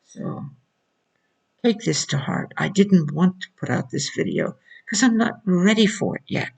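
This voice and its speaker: A woman's voice: lowish voice, lively intonation, unhurried, vocal fry, a little mellow, breathy edge, poor audio. A woman preaching informally to a video audience, insistent and repeating rhetorical questions.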